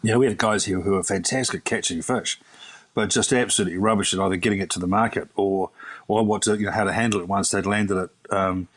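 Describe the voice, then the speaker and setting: A man's voice: fairly low pitch, steady tone, fast. A middle-aged man, a chef turned fishmonger, answering an interview question in a rambling way full of fillers and restarts. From New Zealand.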